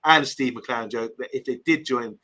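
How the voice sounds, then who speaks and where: A man's voice: medium pitch, normal speed, bright, forceful tone, low-quality recording. A man hosting a casual live stream, reading viewer comments aloud and rambling between topics. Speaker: host.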